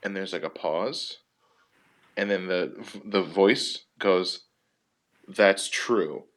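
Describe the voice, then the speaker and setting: Low-voiced man telling rambling profane stories. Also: takes it slowly. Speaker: podcast participant. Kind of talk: casual comedic chat.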